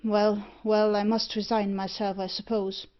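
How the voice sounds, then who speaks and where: A woman's voice: medium pitch, flat delivery, a little slow, natural voice. A woman voicing a pompous, easily frightened older male merchant in a storybook reading. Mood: stiff. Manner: indignant and stiff. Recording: muffled lo-fi audiobook recording.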